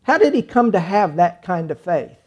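A middle-aged man preaching a sermon, dramatic, swinging from hushed lines to sudden loud cries as he acts out scenes. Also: high voice, very animated, moderate pace, husky, highs cut off.

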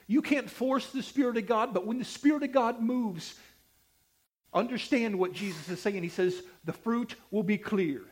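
A man preaching a sermon, emphatic and repetitive, with sharp swings between loud and soft delivery. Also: very high-pitched, normal speed, husky. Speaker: pastor.

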